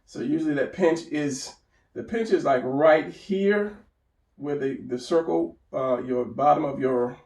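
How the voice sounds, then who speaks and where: A man with a gravelly voice walks through a drawing lesson without a script. He rambles and corrects himself while sketching. The sound is echoey, as if he sits some way from the mic in a bare room. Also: fairly high pitch, a little slow, darkish tone, far from the mic. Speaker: drawing instructor. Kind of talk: unscripted drawing tutorial.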